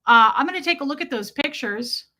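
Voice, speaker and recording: A chatty, joking American woman in her forties greets viewers on her live stream. Her voice is bright and sits a little high. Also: expressive, fairly quick. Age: 40s. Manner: chatty, sarcastic, jokey. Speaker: livestream host. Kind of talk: casual live-stream chat reading viewer comments.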